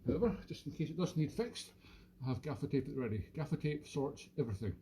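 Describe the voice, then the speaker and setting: A man's voice: a little high, lively intonation, quick pace, mellow, slight background noise. A man with a Scottish accent hosting a live stream from home, chatting in a jokey, rambling, self-mocking way into a phone. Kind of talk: casual live-stream chat. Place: at home during lockdown. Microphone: phone camera.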